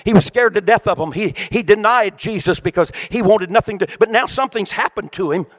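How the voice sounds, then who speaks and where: Man, preacher, high voice, sermon, sing-song cadence, shouts then hushes. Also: a little fast, big-room sound. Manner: swings from shouted peaks to hushed quiet delivery.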